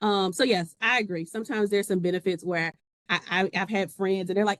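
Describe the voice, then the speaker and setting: A woman's voice: medium pitch, fairly quick, no room sound. A woman who is a podcast guest, telling a personal story in casual conversation and acting out the voices of the people she quotes.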